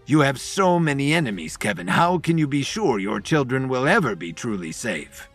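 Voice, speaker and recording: A man voicing a vengeful woman villain who speaks slowly and menacingly. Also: big pitch swings, a bit bright, husky, faint music behind, exaggerated voice. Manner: slow, low and menacing. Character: vengeful scheming woman villain, cold and bitter.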